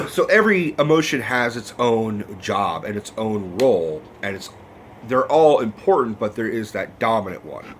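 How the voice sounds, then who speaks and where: A man's voice: on the low side, sing-song, moderate pace, a little hiss or hum. A man giving a casual, rambling film review, swearing freely and getting emotional. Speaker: movie review vlogger.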